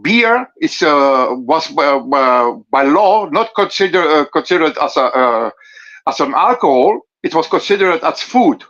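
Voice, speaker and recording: Man, halting English. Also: on the high side, expressive, a bit bright, dull audio. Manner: halting, searching for English words. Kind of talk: casual podcast chat.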